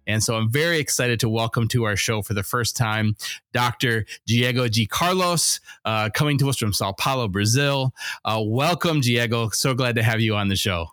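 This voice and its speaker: A man's voice: mid-range voice, moderate pace, fairly bright tone, dry recording, clean studio sound, soft background music. A middle-aged man hosting a podcast, chatting in a friendly, teasing way. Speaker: podcast host. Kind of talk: casual interview talk.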